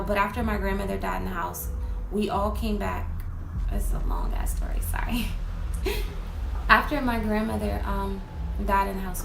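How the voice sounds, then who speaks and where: A woman with a gravelly, mid-pitched voice tells a personal ghost story in a loose, candid way, swearing freely and calling her listeners "y'all". She was recorded in an echoey room with a steady noise underneath. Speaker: guest storyteller. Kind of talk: casual spoken ghost story.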